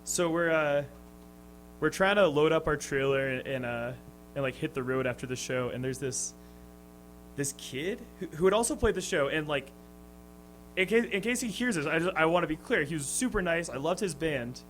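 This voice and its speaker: A young touring band musician, guesting on a radio show, tells a story in a fairly high, bright, expressive voice at a moderate pace. He's hesitant, full of ums and restarts, and laughs often; the recording is rough, with a little hiss or hum.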